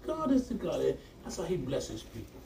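A man's voice: fairly high pitch, huge pitch swings, fairly quick, creaky. A man preaching a sermon, talking back and forth with the congregation and laughing often. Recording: echoey room from far off, noisy.

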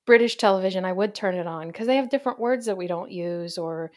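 Chatty, easygoing woman host for a casual podcast, quick to laugh. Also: medium pitch. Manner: chatty and upbeat, laughs easily.

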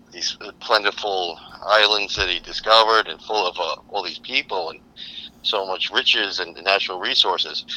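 A man's voice: lowish voice, sharp tone, rough recording. A man appearing as a podcast guest, telling stories animatedly with jokey asides. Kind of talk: casual podcast chat.

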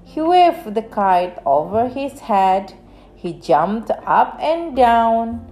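Animated woman reading a storybook. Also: on the high side, drawn-out words. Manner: animated, expressive. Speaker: storyteller for children. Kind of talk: reading a picture book aloud.

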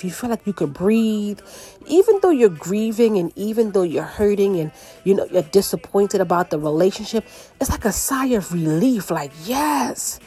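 Animated woman doing a casual card reading. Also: lowish voice, breathy edge. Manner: animated, conversational, frequent "you know" and "right?". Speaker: tarot card reader.

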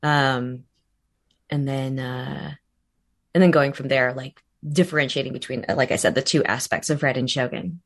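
Low-voiced woman, chatty and rambling. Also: fairly even intonation, normal speed. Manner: rambling with many fillers and restarts; laughs easily. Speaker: voice actor guest. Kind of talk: casual interview chat.

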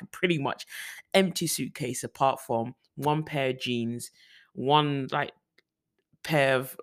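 A man's voice: medium pitch, fairly bright tone. A young man from the UK talking casually in a personal vlog, rambling with frequent restarts and fillers. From United Kingdom. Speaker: vlogger.

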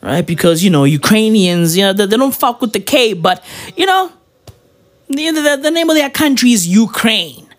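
A man's voice: high voice, big pitch swings, moderate pace. A man ranting about his football club in a casual, slangy style, swearing and tagging his lines with "right?" and "bruv". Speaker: football fan vlogger.

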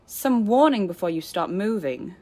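A woman's voice: mid-range voice, expressive, normal speed, natural voice. A woman voicing a proud, stubborn young woman who speaks tightly and sharply when angered. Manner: tight, indignant, sharp delivery.

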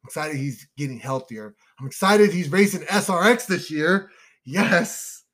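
Excitable young man, higher voice. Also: moderate pace. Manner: excitable, emotional fan talk, addresses listeners as y'all. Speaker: podcast co-host. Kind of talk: casual chat.

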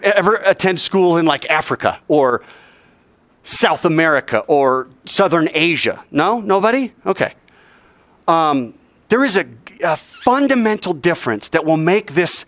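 Male Bible teacher, slightly high voice, dry close sound, chatty and questioning. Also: no room sound. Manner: conversational, rhetorical questions, drops to hushed tones.

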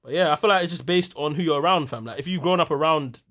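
Young guy rattling off a story, slangy, keeps restarting, a bit high voiced. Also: fast, fairly bright tone. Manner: rambling storyteller, heavy slang, many restarts. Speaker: podcast host. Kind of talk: casual chat.

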